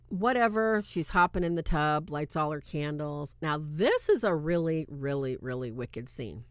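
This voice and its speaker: A woman hosts a faith-based film review in an animated, casual way, speaking straight to her viewers. Her voice sits low but swings widely in pitch, from loud bursts to hushed asides. The sound is dry and close. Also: unhurried, smooth, no echo. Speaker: host reviewing a film on demonology.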